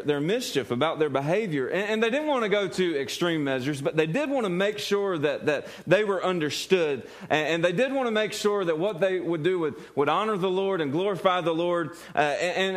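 A male pastor preaching a sermon earnestly, often repeating words and putting questions to the congregation. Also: high voice.

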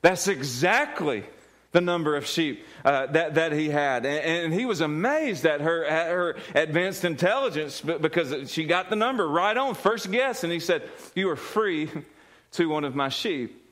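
A man preaching, his voice sitting a little high for a man. He talks in a folksy way, repeating himself and restarting phrases before building to earnest points. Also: expressive, moderate pace, fairly bright tone. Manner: folksy, repetitive restarts, tells a joke then turns earnest. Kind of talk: sermon.

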